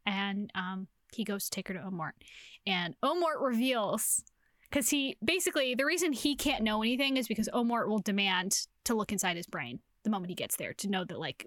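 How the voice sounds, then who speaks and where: A woman's voice: mid-range voice, dry recording, studio quality. A young woman co-hosting a podcast, casually recapping a romance novel, swearing and acting out the characters as she goes. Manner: animated storytelling, acts out characters, swears, laughs often. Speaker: podcast co-host. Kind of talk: casual book recap chat.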